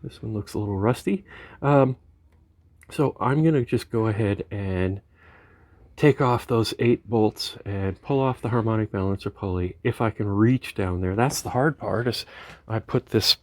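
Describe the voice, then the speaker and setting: A man's voice: mid-range voice, dry recording. A man talking casually through a DIY car repair in his garage, rambling and joking wryly as he works. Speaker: home mechanic vlogger.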